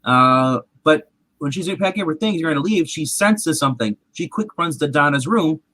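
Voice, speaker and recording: A man hosting a casual show, retelling a TV episode in an animated, rambling way with restarts. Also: on the high side, normal speed, no echo. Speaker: podcast host. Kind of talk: casual chat recapping a TV episode.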